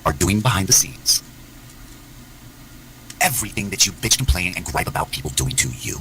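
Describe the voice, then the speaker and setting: A man delivering an angry, profane callout on a livestream, swinging between shouted lines and low muttering. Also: sing-song, a little hiss or hum, low-quality recording. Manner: angry, profane rant with rapid pitch swings.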